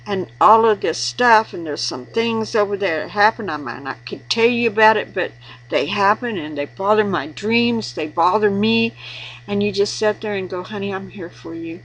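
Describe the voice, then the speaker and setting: A woman's voice: mid-range voice, slight background noise, poor audio. A woman giving earnest, preachy marriage advice in an informal devotional talk, repeating words for emphasis. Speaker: Christian video blogger giving marriage advice.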